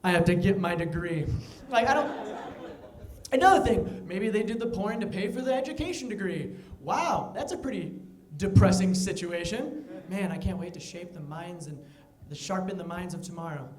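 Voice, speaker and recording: A young man doing a stand-up comedy set, talking casually with quick asides and mock voices for the people in his jokes. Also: sits high, animated, darkish tone, roomy sound. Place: comedy venue with live audience.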